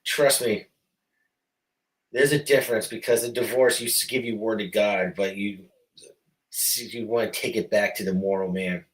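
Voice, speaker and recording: A man co-hosting a casual late-night chat, telling stories in an animated, laughing, profane way. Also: fairly low pitch, normal speed, far from the mic, poor audio. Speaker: co-host.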